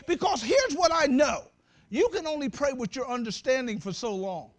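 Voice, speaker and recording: A male pastor preaching a lively sermon in a very high voice that swings widely up and down. He talks to the congregation like a friend, mixing jokes with sudden shouts. It has the loose, conversational feel of a church sermon. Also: normal speed. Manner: animated, humorous preaching with shouted peaks; conversational, addresses the congregation directly.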